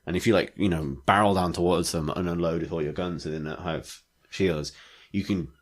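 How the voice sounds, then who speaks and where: A man's voice: low-pitched, steady tone, a little fast. A man co-hosting a gaming podcast, talking in a rambling casual way full of "like" fillers. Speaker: podcast co-host. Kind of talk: casual chat.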